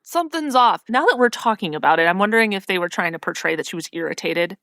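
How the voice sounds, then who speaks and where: A woman's voice: lowish voice, animated, quick pace, fairly bright tone, no echo, studio quality. A woman co-hosting a podcast, chatting casually and agreeably about a TV episode with lots of filler words. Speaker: podcast co-host. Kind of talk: casual chat recapping an episode.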